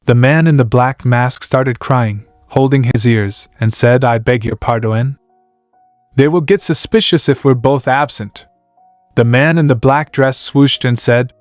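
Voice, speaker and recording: A man's voice: mid-range voice, unhurried, no echo. A man narrating a comic story and reading every character's lines himself, sound words included, in a dry close recording with faint music behind.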